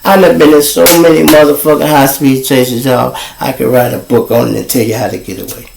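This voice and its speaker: A man, hosting his show and telling street stories in a casual, animated way. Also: mid-range voice, fairly quick, gravelly, reverberant, a little hiss or hum, low-quality recording. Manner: animated, rising to excited shouts when telling a chase story. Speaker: host.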